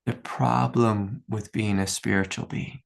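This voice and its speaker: A man's voice: on the low side, fairly even intonation, unhurried, creaky. A man in his fifties giving a reflective spiritual talk, telling personal stories earnestly with fillers along the way. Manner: earnest, storytelling, many fillers and laughs. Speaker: spiritual teacher.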